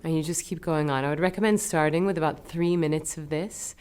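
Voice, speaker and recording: A woman teaching a meditation lesson, talking in a gentle, soothing, unhurried way. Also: sits low, fairly even intonation, clear, resonant tone.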